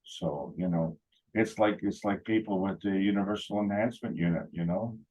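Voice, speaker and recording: A man's voice: deep voice, moderate pace, darkish tone, husky, rough recording. A man telling rambling, anecdotal stories at a meeting, with many fillers and restarts. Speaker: meeting speaker. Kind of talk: casual talk.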